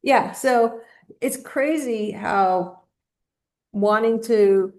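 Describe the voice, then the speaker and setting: A woman's voice: medium pitch, a little mellow. Emphatic sarcastic woman co-host. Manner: emphatic, sarcastic, piles up lists. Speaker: podcast co-host. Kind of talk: casual chat.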